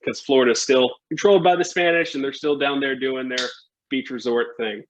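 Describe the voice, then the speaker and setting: A man's voice: medium pitch, fairly even intonation, a little fast. A man with a mid-range voice tells history in a loose, joking way, leaning on "like" and "right?" as he goes. The recording is dull and lo-fi, like a home podcast setup. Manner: conversational, lots of "right?" and "like". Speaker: guest telling history. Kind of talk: casual history storytelling.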